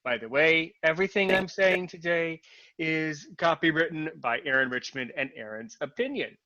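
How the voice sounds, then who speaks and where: Bright-voiced upbeat podcast host man. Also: fairly high pitch, moderate pace, dry recording, dull audio. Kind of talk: podcast interview.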